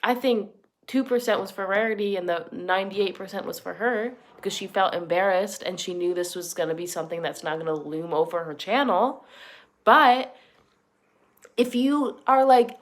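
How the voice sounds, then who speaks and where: A young woman hosting a reaction channel, giving blunt, sarcastic and profane casual commentary. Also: mid-range voice. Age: young adult.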